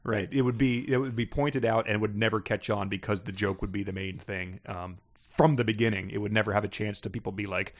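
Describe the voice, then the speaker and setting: A man's voice: on the low side, fairly even intonation, brisk. A man co-hosting a comedy podcast, rambling and joking, laughing often, recording from his parents' house. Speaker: podcast co-host. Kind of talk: casual comedic chat. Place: parents' house in North Carolina.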